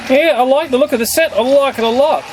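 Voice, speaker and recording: A man with a high voice casually reviews toy trains and plays with them. He talks in a playful way and breaks into excited shrieks at the crashes. Loud clicking and whirring from the toys runs under his voice. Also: quick pace, heavy background noise.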